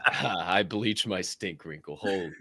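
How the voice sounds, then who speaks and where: A man hosting a podcast, with loud, laughing, profane banter in casual chat. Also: low voice, measured pace, no echo. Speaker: podcast host.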